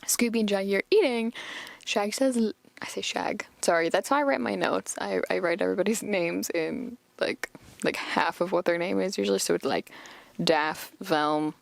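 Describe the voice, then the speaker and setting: Female podcast host, casual recap, chatty and filler-heavy, vocal fry, dry close sound. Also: mid-range voice, normal speed, dry recording.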